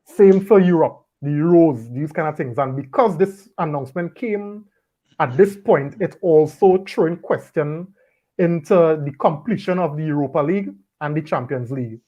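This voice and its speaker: High-voiced man hosting football chat. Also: moderate pace. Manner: relaxed, repeats words while gathering thoughts. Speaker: podcast host. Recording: dull lo-fi audio.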